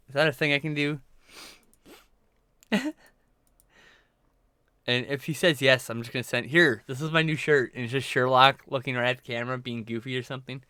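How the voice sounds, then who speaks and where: A man's voice: fairly high pitch, sharp tone, smooth, no echo, studio quality. A man streaming live and chatting casually, rambling and now and then breaking into silly noises.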